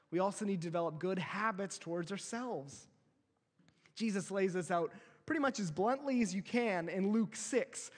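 A man preaching a sermon as pastor, earnest, swelling louder and slowing down on his key phrases. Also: high-pitched, in a large hall.

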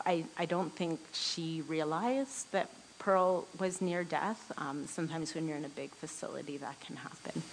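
A woman giving a personal devotional talk to a women's group, telling a story earnestly and often laughing softly mid-sentence. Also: deep voice, a little hiss or hum, poor audio. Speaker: women's ministry speaker.

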